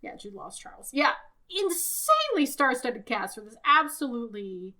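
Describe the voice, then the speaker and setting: A woman with a bright, forceful voice that sits a little high. She co-hosts a podcast in loose, animated chat, full of swearing and quick self-corrections. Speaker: podcast co-host. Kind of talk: casual chat reviewing a cartoon.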